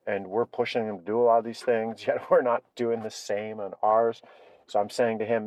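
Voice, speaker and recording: A man with a low, grounded voice hosts his own podcast while sitting in his truck. He tells stories with energy and drifts into rambling asides. The sound is dry and close, with no room around it. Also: little pitch movement, moderate pace, darkish tone, dry recording. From Canada. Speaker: podcast host. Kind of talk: solo podcast talk.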